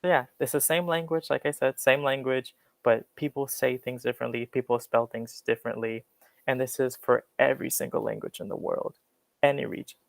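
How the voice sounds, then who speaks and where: A young American man, a guest speaker on accents, gives an online class talk at an easy pace, casual and full of fillers, explaining with examples. His mid-range voice is creaky and fairly quick with fairly even intonation, and the recording is rough but has no echo.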